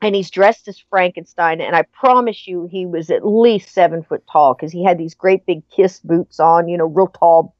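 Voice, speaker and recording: A woman's voice: on the low side, normal speed, few pauses, dry recording. A middle-aged woman in casual chat, animatedly telling a story with frequent laughter. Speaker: podcast guest. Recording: dry, muffled lo-fi audio.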